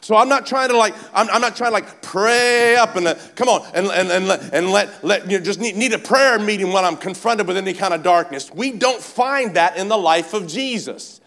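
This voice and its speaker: A male pastor preaching a sermon at a church service, fervent and urging, swinging between shouted exhortation and quiet speech. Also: sits high, normal speed, gravelly, hardly any pauses. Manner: fervent, repeatedly urges the congregation with "come on".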